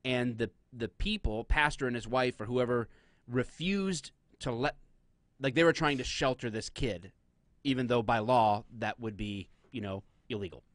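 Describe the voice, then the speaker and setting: A man co-hosting a live stream in loose, joking banter, now and then slipping into silly put-on voices. His voice sits at an ordinary middle pitch and comes through a close, dry mic with no room sound. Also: normal speed, dry recording. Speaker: podcast co-host, police officer.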